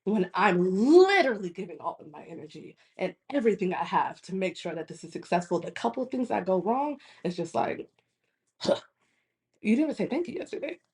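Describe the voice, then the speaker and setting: A woman's voice: on the low side, brisk. A woman in her thirties telling a story in casual conversation, acting out what others said. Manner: animated retelling, acting out quoted voices. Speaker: guest in a conversation.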